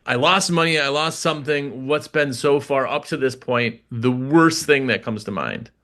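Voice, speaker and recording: A man's voice: mid-range voice, animated, moderate pace, pushed and bright. A man hosting a podcast, asking questions in a loose, chatty way. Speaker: podcast host. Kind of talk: casual interview chat.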